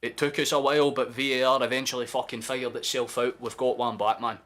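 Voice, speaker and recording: A medium-pitched young man talks fast as he calls a football match live for his stream, cheering as a fan. Excitable and foul-mouthed, he erupts into shouts.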